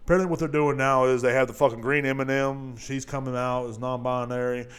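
A man hosting a solo podcast, ranting casually and profanely, swinging between low mutters and loud outbursts. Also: fairly even intonation, quick pace, clean tone. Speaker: podcast host.

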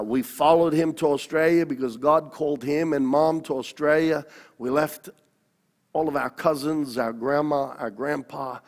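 A man preaching a personal testimony sermon, telling his story in an animated, halting way with restarts. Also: fairly high pitch, in a large hall.

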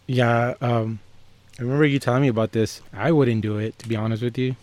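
A man's voice: mid-range voice, steady tone, fairly quick, a little mellow, dry recording. A man co-hosting a podcast from San Antonio, chatting casually and teasing his partner. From San Antonio, Texas. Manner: easygoing, teasing. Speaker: podcast co-host.

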